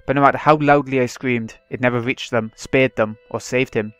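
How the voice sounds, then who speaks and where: A man's voice: mid-range voice, steady tone, moderate pace, a bit bright, no echo, faint music behind, close to an everyday voice. A man reading the lines of a vengeful teenage girl tormenting her captive, in a cold, mocking manner, in his own voice. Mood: taunting.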